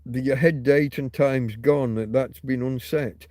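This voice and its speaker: A man's voice: mid-range voice, steady tone, unhurried, few pauses, darkish tone, dry recording. A man hosting a casual, rambling livestream who rants and swears freely, repeating and restarting his words as he reads viewer comments. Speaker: livestream host.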